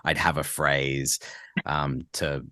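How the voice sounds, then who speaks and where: A man from Australia with a strikingly deep, low voice, talking as a guest in a casual podcast interview. He is relaxed, laughs easily and trips over and restarts words while he gathers his thoughts. The sound is dry and close, with no room echo. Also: slow. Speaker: guest voice actor.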